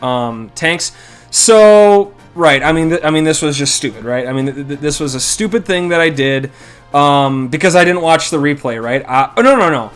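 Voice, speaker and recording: A man's voice: a little high, lively intonation, moderate pace, clear, resonant tone, soft background music. A man casually commentating his own strategy game, thinking aloud and criticizing his own moves. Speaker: gameplay commentator.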